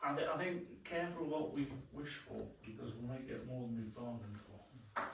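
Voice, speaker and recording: A plainspoken man delivers a colloquial councillor's report at a council meeting. His voice sits at an ordinary pitch. It rings through a very echoey room from a distant mic, with faint background noise. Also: expressive, moderate pace, creaky.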